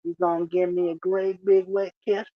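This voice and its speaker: A man's voice: sits high, level tone, moderate pace, dry recording, close to an everyday voice. A man doing an old coworker's teasing drawl. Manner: mocking, sing-song teasing. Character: oldest male coworker, relentless teasing prankster. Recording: dull dry recording.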